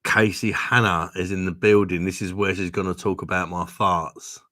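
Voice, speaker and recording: A man with a deep, bright, forceful voice hosts a casual drinking livestream, speaking at a moderate pace with fairly even intonation. Tipsy, he reads viewer comments, swears, laughs often and keeps calling people "mate."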